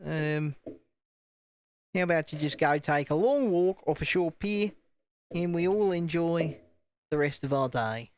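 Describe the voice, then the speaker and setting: A man's voice: fairly high pitch, lively intonation, unhurried, pauses often. A British man putting on an Australian accent to play a cheeky, sarcastic bloke. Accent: Australian, put on. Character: cheeky male Australian bloke, mock-friendly.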